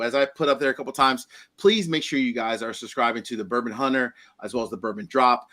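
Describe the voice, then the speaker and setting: A man hosting a casual whiskey tasting chat, animated and exclaiming often. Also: medium pitch, fast talker. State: eyes watering. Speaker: host.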